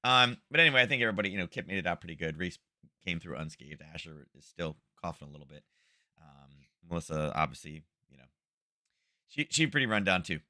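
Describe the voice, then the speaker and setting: A middle-aged man with a deep yet bright, cutting voice talks through the day's market moves in loose, rambling live commentary. He fills gaps with ums and restarts his sentences as he goes. The sound is close and completely dry, recorded at home. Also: expressive, fast, no room sound. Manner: rambling, chatty, many fillers and restarts. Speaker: trading show host.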